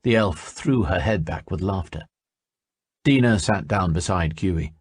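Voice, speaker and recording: Male narrator, audiobook, husky, dry close mic. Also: low voice, unhurried, dry recording. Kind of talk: scripted narration.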